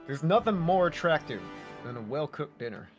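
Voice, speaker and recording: A man's voice: fairly high pitch, moderate pace, music in the background. A man playing a tabletop game, talking casually with frequent hesitations. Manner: hesitant, fillers, lively swings. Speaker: player.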